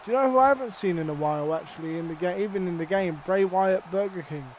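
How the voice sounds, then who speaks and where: A man giving excited let's-play commentary on a wrestling game, swearing freely and breaking into sudden loud outbursts. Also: high voice, quick pace, a little hiss or hum. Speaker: gaming YouTuber.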